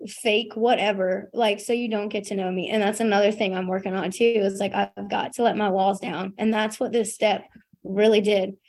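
A young woman telling her recovery story at a meeting in a casual, self-deprecating way, full of "like" and "you know". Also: mid-range voice. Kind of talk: candid personal share at a recovery meeting.

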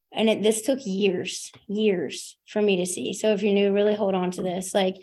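A young woman talks openly about her recovery at a meeting. She keeps it casual and self-deprecating and fills her sentences with "like" and "you know". Her pitch sits in the middle for a woman. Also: darkish tone. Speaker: recovering alcoholic sharing her story. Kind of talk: candid personal share at a recovery meeting.

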